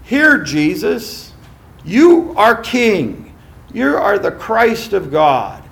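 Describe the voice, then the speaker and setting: A man voicing a scheming male devil who coaxes and mocks, rising loud and high in a sermon. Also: sing-song, very slow, creaky, heavily acted. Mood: grandiose. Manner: coaxing, mocking, swelling loud.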